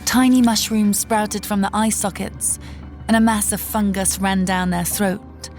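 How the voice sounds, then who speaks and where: A woman reading a first-person horror story in a tense, measured storytelling manner. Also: mid-range voice, fairly even intonation, darkish tone. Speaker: narrator. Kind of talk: scripted horror narration. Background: faint music.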